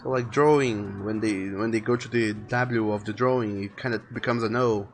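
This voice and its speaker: A man's voice: lowish voice, fairly even intonation, normal speed. A man chatting casually while drawing on a live stream, rambling and thinking aloud, often repeating words as he goes. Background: faint music playing.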